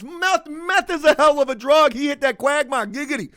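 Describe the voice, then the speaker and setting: A man's voice: very high-pitched, lively intonation, moderate pace, hardly any pauses, fairly bright tone, dry recording, studio quality. A man telling a story to camera as a profane, mocking rant. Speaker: vlogger.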